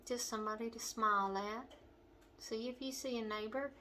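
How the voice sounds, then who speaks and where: A middle-aged woman with a western Kentucky accent, hosting a home cooking demonstration in her kitchen and chatting warmly to the viewer. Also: on the high side, fairly even intonation, normal speed, a little hiss or hum. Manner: homey and chatty, talking straight to the viewer. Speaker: cooking show host.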